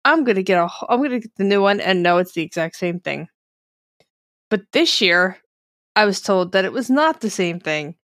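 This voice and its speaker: A woman's voice: medium pitch, animated, moderate pace, fairly bright tone, no room sound, clean studio sound. A woman guest on a podcast telling stories in casual chat, with a wry edge. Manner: chatty storyteller, wry.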